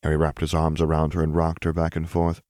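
A man narrating a fan fiction audiobook in a steady, even storytelling manner. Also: a bass voice, quick pace, no room sound, clean studio sound.

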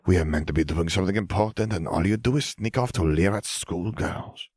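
A man voicing a scornful, hissing female dark witch in an audiobook reading. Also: low-pitched, fairly quick, slightly rough, dry recording, studio quality. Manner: sharp, contemptuous.

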